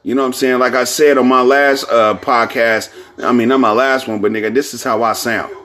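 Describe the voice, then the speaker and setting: A man's voice: medium pitch, steady tone, moderate pace, fairly bright tone, faint music behind. A man from California hosting a podcast, talking in a rambling, casual monologue full of fillers and profanity. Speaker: podcast host.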